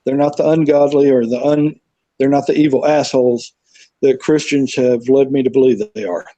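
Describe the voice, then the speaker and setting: A man's voice: mid-range voice, steady tone, fairly quick, mellow, dry recording, highs cut off. Southern man telling a story. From South Carolina, USA. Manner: rambling storyteller, acts out quoted voices. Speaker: guest. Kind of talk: casual conversation.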